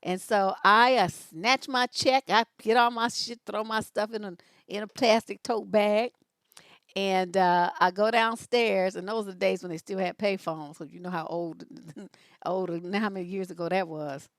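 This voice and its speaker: Middle-aged woman, advice host, sassy storyteller, animated pitch, dry sound. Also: moderate pace, dry recording. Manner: lively, sassy storyteller, big pitch jumps when quoting herself. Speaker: relationship coach and advice host. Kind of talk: casual storytelling on a livestream.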